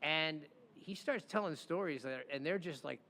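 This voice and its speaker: A man hosting a casual chat, telling stories in an animated way. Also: a little high, normal speed, creaky, big-room sound. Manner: animated, acts out quoted voices. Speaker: podcast host, defense lawyer.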